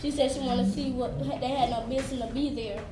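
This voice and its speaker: A female student in a classroom, answering the teacher's questions quickly and eagerly. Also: high-pitched, steady tone, warm tone.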